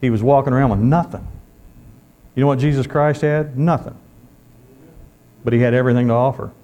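A man's voice: medium pitch, steady tone, fairly quick, warm tone. A man preaching a sermon in a folksy way, calling out amen often.

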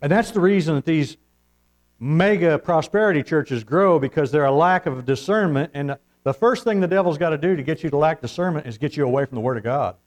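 A man's voice: on the high side, expressive, fairly quick, rough recording. A man preaching a sermon, telling folksy stories and calling out for amens. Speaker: pastor.

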